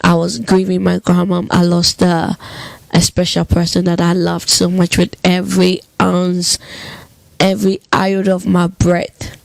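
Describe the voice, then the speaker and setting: A woman's voice: on the low side, completely flat delivery, measured pace, gravelly, no echo. A woman in casual podcast chat, speaking earnestly and affirming her guest often. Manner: earnest, frequent affirming responses.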